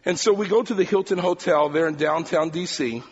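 A male preacher telling a personal story in a sermon, talking fast and animated. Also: a little high, breathy edge, long reverb tail, lo-fi sound.

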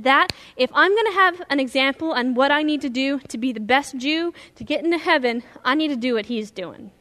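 A woman pastor preaching a sermon, retelling a story in a lively storytelling way. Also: high-pitched. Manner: animated storytelling, acting out scenes.

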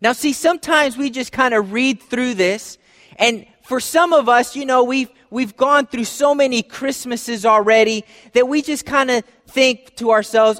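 High-voiced pastor preaching in a reverberant hall. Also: male voice, normal speed. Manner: conversational preaching, dropping soft and low for emphasis. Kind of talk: sermon.

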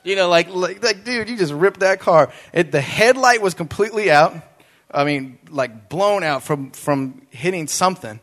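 A young male pastor talks through his sermon like a chat with friends, joking and telling animated stories between points. His voice sits a touch high for a man. He is from a Mexican background. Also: moderate pace. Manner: casual, joking, animated storytelling.

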